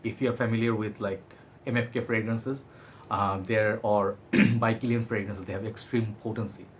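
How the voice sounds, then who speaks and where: A man's voice: lowish voice, fairly even intonation, moderate pace, a little hiss or hum. A man giving a chatty, enthusiastic product review, often hedging with "I think". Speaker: fragrance reviewer.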